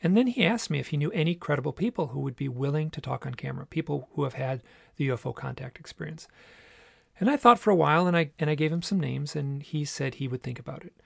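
A man hosting a podcast, telling a personal story in an earnest, measured way. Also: on the high side, lively intonation, creaky, dry recording, studio quality. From United States. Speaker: podcast host. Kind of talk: reflective solo storytelling.

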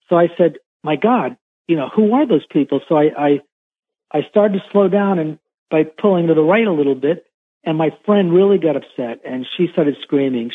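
A husky-voiced man tells his story over a tinny phone line into a radio show. His voice sits a little high for a man, and he stumbles and repeats words as he works through a long first-person account. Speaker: caller recounting a UFO encounter.

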